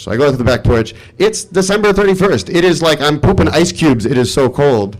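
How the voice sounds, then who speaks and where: A man's voice: on the high side, brisk. Exasperated man telling a story. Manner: animated, exasperated, swears freely. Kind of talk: live personal storytelling. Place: live stage event.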